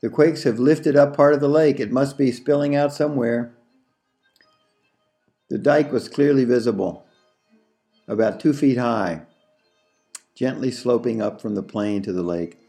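A man narrating an audiobook story in a slow, measured reading. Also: mid-range voice, warm tone.

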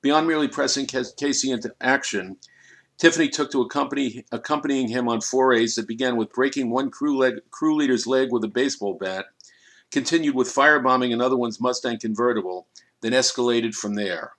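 A man reading a crime audiobook in a measured, dramatic storytelling manner. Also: medium pitch, a bit bright. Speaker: narrator. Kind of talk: scripted audiobook narration.

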